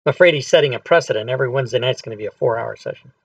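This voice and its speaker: A man joking and swearing as a player in an online tabletop game, laughing loudly. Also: medium pitch, rapid-fire, gravelly, no room sound. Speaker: player and channel host. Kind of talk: casual tabletop game banter. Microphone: online voice chat. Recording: distant dull lo-fi mic.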